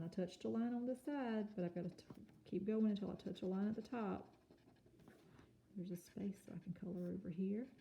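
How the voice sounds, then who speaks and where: A woman teaching a kindergarten home-learning lesson, speaking slowly and carefully and sounding out words for young children. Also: medium pitch, vocal fry, highs cut off. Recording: echoey room with faint noise.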